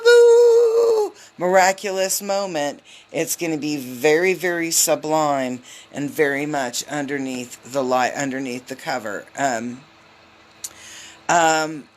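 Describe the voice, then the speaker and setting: A woman giving a casual live tarot reading on a phone, chatty and loose, with lots of filler ums and quick hellos to her viewers. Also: low-pitched. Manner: greets viewers mid-reading. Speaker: tarot reader.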